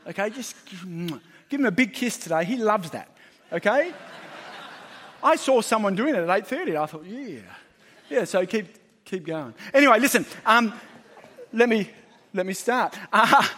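Chatty pastor, high voice. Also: male voice, big pitch swings, moderate pace, long pauses, sharp tone. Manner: chatty, joking, many fillers. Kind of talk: sermon.

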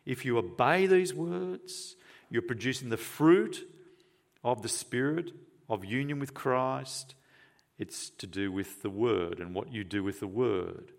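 Earnest male preacher delivering a sermon. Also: on the low side. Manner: earnest and emphatic, asks rhetorical questions, shifts between forceful and hushed.

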